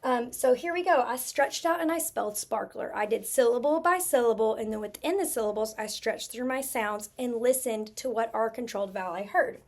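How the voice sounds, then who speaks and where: Woman, teacher, spelling lesson, patient, stretches out sounds, slightly high voice. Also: a little mellow. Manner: slow, stretches out sounds, checks in with okay.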